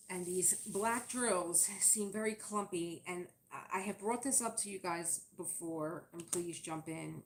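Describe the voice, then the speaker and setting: This woman has a medium-pitched voice, with a little hiss or hum on the recording. She rambles on in casual conversation on her livestream as she crafts, laughing frequently.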